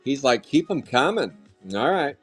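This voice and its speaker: A man hosting a live trading card break, calling out pulls with loud, excitable, jokey hype. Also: medium pitch, normal speed, breathy edge. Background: faint music.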